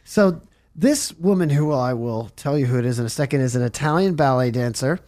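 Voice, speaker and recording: Hosting a recovery radio show, this man keeps the interview loose, rambling and jokey with lots of enthusiasm. His mid-range voice is expressive, brisk and a little mellow, captured on a studio mic on camera.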